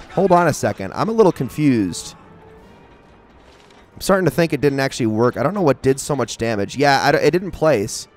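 A young man giving casual, excitable commentary while playing a shooter game, talking to himself and the enemies. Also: medium pitch. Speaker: gaming channel host.

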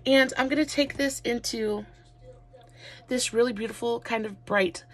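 Gushing, husky-voiced woman vlogger. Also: fairly high pitch, unhurried. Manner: rambling, many fillers, gushing. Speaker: makeup vlogger. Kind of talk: chatty makeup tutorial.

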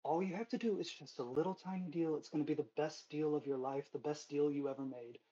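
A man's voice: a little high, quick pace, dark tone, close to an everyday voice. A man doing an oily used cart salesman. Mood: coaxing. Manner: wheedling, oily persuasion. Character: smarmy fiendish used cart salesman, hunched, whispering deals. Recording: dull lo-fi stream mic.

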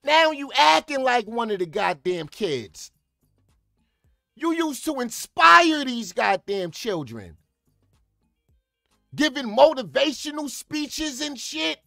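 A man hosting a reaction channel, delivering comedic commentary in a profane, ranting style and often shouting. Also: extremely high pitch, very animated, takes it slowly, vocal fry, long pauses, no echo, studio quality, soft background music.

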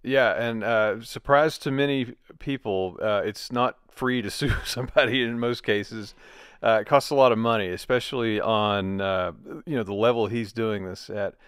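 A man's voice: on the low side, normal speed, a bit bright, clear, resonant tone, no room sound, clean studio sound. A man co-hosting a casual commentary chat, joking and rambling with many fillers. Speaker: co-host.

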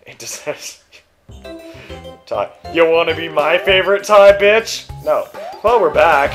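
Young guy doing loud crude game commentary, voice a bit high, game music playing behind. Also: slow, pauses often. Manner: excitable, crude, yelps and shouts at the game. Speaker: let's play commentator. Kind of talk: casual gaming commentary.

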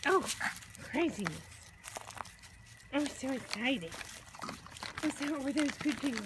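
A woman's voice: lively intonation, slow pace, long pauses, noisy background. A woman talking to her dogs at home in a coaxing, sing-song way while she unwraps a box. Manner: high sing-song coaxing pet talk. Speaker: dog owner filming her pets. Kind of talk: casual talk to her dogs while unboxing. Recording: loud paper crinkling behind voice.

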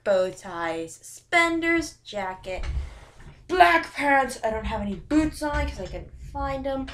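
Woman vlogger with a high, bouncy voice who rambles and giggles. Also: a bit bright, a little hiss or hum. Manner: giggly, rambling, self-correcting. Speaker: YouTuber. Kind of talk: casual vlog chat to camera.

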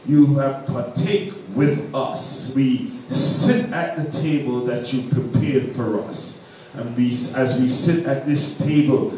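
A man's voice: mid-range voice, darkish tone, a little hiss or hum. A man leading a fervent opening prayer at a church Bible study, building his petitions in rhythmic repeated phrases. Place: church, indoors. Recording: very echoey church room, mic far off.

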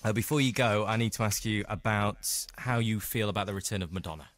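A man's voice: fairly low pitch, fairly bright tone, no room sound. Playful radio host, man. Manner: playful, quick, teasing. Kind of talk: casual radio interview. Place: radio studio.

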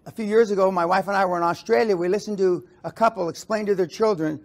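A man giving an aggressive, profane seminar rant, berating his audience and shouting often. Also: high-pitched, fast. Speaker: business seminar speaker.

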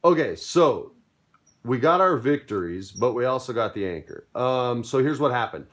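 A man's voice: medium pitch, expressive, moderate pace, fairly bright tone. A man acting as game master, explaining dice rules and narrating a pirate fight in an upbeat, playful way.

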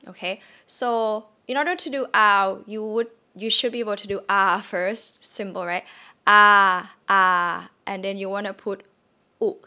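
A Thai-accented woman gives a casual online language lesson in a bright, forceful, mid-range voice. She repeats words aloud to demonstrate the tones and chats along with plenty of fillers.

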